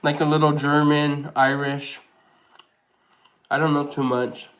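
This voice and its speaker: Male mukbang host, unhurried and chatty, reads and answers comments between bites, laughs easily. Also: on the high side, level tone, a bit bright. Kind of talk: casual live chat while eating.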